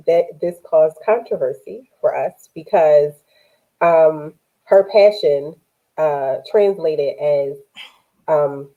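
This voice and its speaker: A woman co-hosting a live discussion show, speaking in a measured, reflective way with frequent pauses. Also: sits low. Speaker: podcast co-host. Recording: tinny phone-like line.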